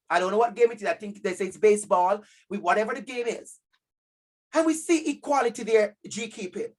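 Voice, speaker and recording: A man with a Jamaican accent giving a lively workshop talk to parents over a video call, stressing key words by repeating them and calling out audience members by name. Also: sits high. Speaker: keynote speaker at a parent conference.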